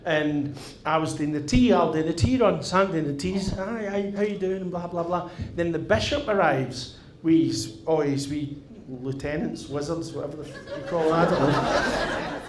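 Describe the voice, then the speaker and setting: Northern Irish male stand-up, middle-aged, cheeky and sweary, slightly high voice, echoey live room. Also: moderate pace. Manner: animated, swearing, tags lines with "right?". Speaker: stand-up comedian. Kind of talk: stand-up storytelling. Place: theatre stage. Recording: echoey live venue with audience.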